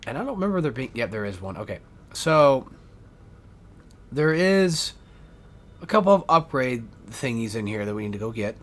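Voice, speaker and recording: A man's voice: mid-range voice, very animated, normal speed, pauses often. A man giving rambling, casual gameplay commentary as a let's player, swearing often and correcting himself as he goes. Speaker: let's play gamer.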